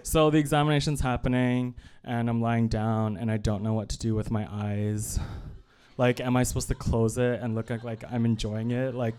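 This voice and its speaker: Smooth-voiced man telling a comic story. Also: mid-range voice, level tone, moderate pace, darkish tone. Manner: chatty, self-deprecating, lots of fillers and asides. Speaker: stand-up comedian. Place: live evening show on stage.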